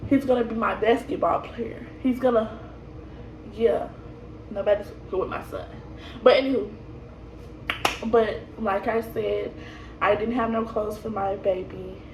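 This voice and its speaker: A woman's voice: mid-range voice, fairly even intonation, measured pace, pauses often, a little mellow, a little hiss or hum. A young woman telling her birth story casually, rambling and laughing, with lots of fillers and restarts. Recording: echoey room, voice from a distance.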